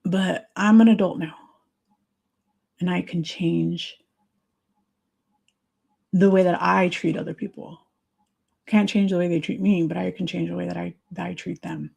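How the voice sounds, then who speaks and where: A woman's voice: lowish voice, fairly even intonation, unhurried, gravelly, pauses often, darkish tone, husky. A woman hosting a livestream, talking to viewers in a confiding, emotional, sympathetic way. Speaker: livestream host.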